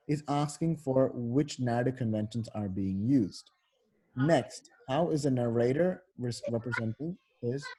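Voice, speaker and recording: Warm and mid-range with a breathy edge, this man's voice belongs to a tutor who explains in a relaxed, filler-heavy way. He leans on "like" and "um" and frequently stops to correct himself.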